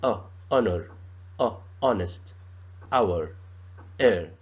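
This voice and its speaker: Male teacher, halting, repeats sounds, slow delivery, low voice, dull lo-fi recording. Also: lively intonation. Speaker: English teacher. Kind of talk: grammar lesson.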